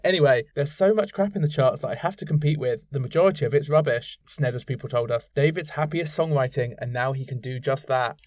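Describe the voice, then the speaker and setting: Dry-close male podcast host, slightly high voice, wry jokey commentary. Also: a little mellow, no room sound. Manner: wry, self-mocking asides. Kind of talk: chart countdown commentary.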